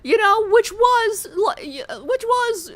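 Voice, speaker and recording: A young woman from New York, chatting casually on a livestream, animated and rambling, laughing often and restarting her sentences. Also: extremely high pitch, slow.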